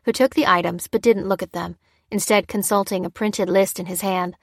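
A woman's voice: mid-range voice, steady tone, normal speed, no room sound, studio quality. Woman narrating an audiobook steadily. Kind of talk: scripted narration.

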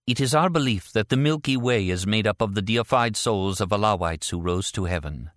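A man's voice: lowish voice, a little fast, a bit bright, dry recording, clean studio sound, lightly acted. A man voicing a proud, fierce young woman agent who speaks solemnly and bitterly.

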